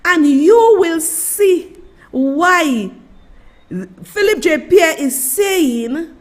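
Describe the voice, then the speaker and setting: High-voiced, impassioned Saint Lucian woman. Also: expressive, drawn-out words. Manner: impassioned, exclaiming, laughing in disbelief. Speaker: host. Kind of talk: live-stream political commentary.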